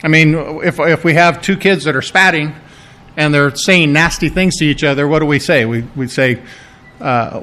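A man's voice: fairly high pitch, moderate pace, bright, forceful tone. A middle-aged man, a pastor preaching a sermon in a conversational, explaining manner, often repeating his words.

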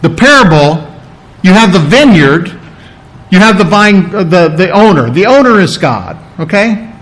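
A man's voice: high voice, sing-song, unhurried, a bit bright, rough recording. A man preaching a sermon in a teaching, conversational way, checking in with his listeners and often restarting his phrases. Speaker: pastor.

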